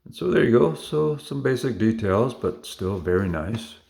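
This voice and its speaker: Deep-voiced man, cheerful collector chatter. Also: lively intonation, normal speed, gravelly, darkish tone. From Canada. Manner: enthusiastic, rambling with fillers and self-corrections. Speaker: collector showing model cars. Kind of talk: casual show-and-tell.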